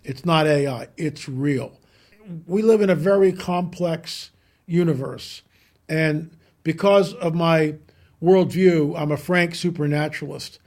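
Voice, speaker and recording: A man, a guest on a talk show, telling a story with animated emphasis and repeating key lines. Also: fairly high pitch, unhurried. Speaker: guest, UFO researcher. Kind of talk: podcast interview storytelling.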